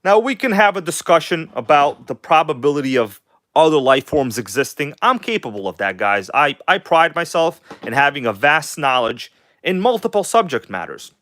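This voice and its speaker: While tinkering with a model engine on a casual livestream, a man talks to his viewers, alternating between lively showmanship and soft, mumbled remarks to himself. His voice is on the high side and moderately paced, recorded at studio quality with no echo.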